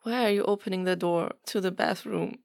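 A woman's voice: medium pitch, fairly even intonation, a little fast, gravelly, darkish tone, no room sound, studio quality. A woman in a whispered role-play, talking in a pleading, hesitant way that often drops to a whisper. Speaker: audio role-play performer.

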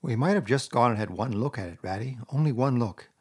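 A man voicing a timid, tearful male mole who talks in broken sobs, with a husky voice. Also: mid-range voice, animated, brisk. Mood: grief-stricken. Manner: sobbing, broken pleading.

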